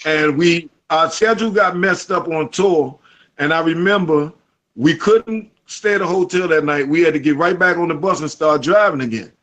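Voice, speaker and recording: A man's voice: fairly high pitch, moderate pace. A man from Washington D C with a Southeast DC accent, telling stories as a guest in an interview, acting out what people said. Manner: animated storyteller, acts out quotes. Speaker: interview guest, reggae artist. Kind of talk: storytelling in casual conversation.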